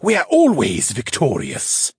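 A male narrator voicing a tall, arrogant male fire spirit, speaking slowly and proudly. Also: medium pitch, wildly swooping pitch, gravelly, husky, dry recording, studio quality, voice pushed up, heavily acted. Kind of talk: audiobook character voice.

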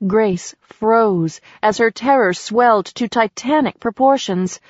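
A woman narrating an audiobook in a steady storytelling manner. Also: on the high side, slow, hardly any pauses, dry recording, lo-fi sound. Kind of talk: scripted narration.

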